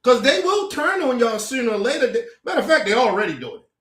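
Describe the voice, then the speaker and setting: A man's voice: very high voice, big pitch swings, fast talker, a bit bright. A man delivering a heated, confrontational rant to camera, cursing and repeating his words as he stumbles over them. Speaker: commentator. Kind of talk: angry profane rant to camera. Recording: echoey room.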